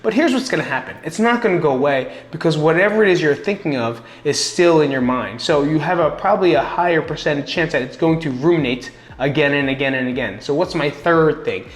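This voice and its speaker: A man's voice: fairly high pitch, a little fast, hardly any pauses. A middle-aged man giving casual personal advice in a blunt, earnest way, swearing freely and repeating words for emphasis. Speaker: vlogger sharing coping tips. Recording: echoey room.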